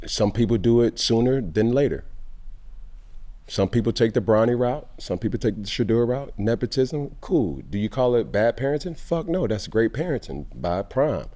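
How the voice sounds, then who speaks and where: A man's voice: medium pitch, lively intonation, moderate pace, dark tone. A man hosting a podcast, talking sports casually and emphatically, with slang and rhetorical questions. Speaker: podcast host.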